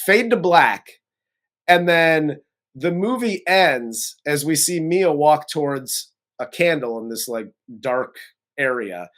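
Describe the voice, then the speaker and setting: A co-host of a movie review show in casual chat, recapping the plot in an animated, giggly way. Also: mid-range voice, slow.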